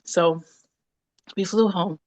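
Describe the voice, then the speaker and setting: A woman's voice: on the low side, slow pace, dry recording. A woman in her thirties, a podcast guest, telling a personal story in casual conversation and acting out what others said. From Canada (Ontario). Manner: animated, acts out quoted dialogue.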